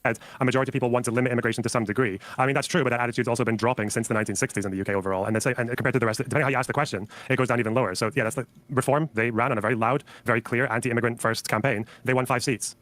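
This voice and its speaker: A man hosting a live stream, talking quickly and swearing often. He sounds combative and exasperated as he picks apart other people's points. His voice is close and dry on a desk microphone. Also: mid-range voice, fairly even intonation, fairly bright tone, no room sound. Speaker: streamer host.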